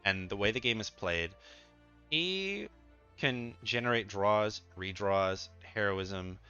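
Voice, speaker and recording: Bright-voiced casual gaming commentator, man. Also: lowish voice, expressive, slow, smooth, dull audio, soft background music. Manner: chatty, loose, thinks aloud with fillers and restarts. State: sleepy, yawning. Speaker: gaming content creator. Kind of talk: casual tier-list commentary.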